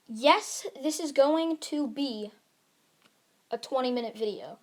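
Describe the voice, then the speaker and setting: Girl rambling thru her anime fan story, kinda high voice, says like a lot. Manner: rambling, heavy on "like", self-correcting. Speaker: YouTube storyteller. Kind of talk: casual fan-fiction narration.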